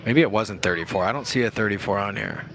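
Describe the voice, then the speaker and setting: Speaking fast in a fairly low voice, a young man gives play-by-play at an outdoor youth football game, with a little hiss or hum on the recording. He's laid-back and slangy, joking around and knocking himself.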